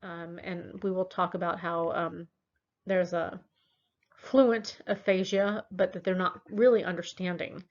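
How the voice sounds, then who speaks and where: A woman's voice: lowish voice, steady tone, a little slow, lo-fi sound. A woman with a tired voice giving a recorded online psychology lecture, explaining steadily with frequent fillers and restarts. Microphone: laptop mic.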